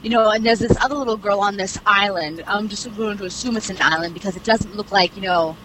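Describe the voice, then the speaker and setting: A young woman talks in a loose, rambling way, circling back with "you know" and "like" and dropping casual swears. A steady hiss of background noise sits under her voice. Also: medium pitch, fast. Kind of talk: casual chat, retelling a series plot.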